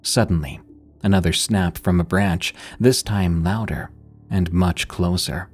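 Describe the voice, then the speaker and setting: A man reading a scripted horror story in a measured, suspenseful way. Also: sits low, fairly even intonation, soft background music.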